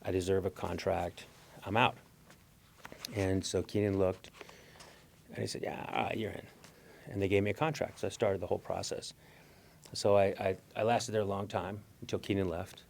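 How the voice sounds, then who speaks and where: A man's voice: deep voice, flat delivery, normal speed, vocal fry, long pauses, slight background noise. A middle-aged Mexican-American man telling stories in a talk, acting out voices and laughing often. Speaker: guest speaker. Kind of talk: storytelling talk.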